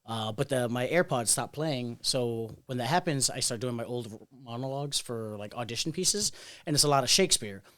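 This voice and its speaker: A man's voice: medium pitch, expressive, normal speed, fairly bright tone. A young man hosting a casual bar chat podcast, rambling and chatty with lots of fillers. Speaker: podcast host.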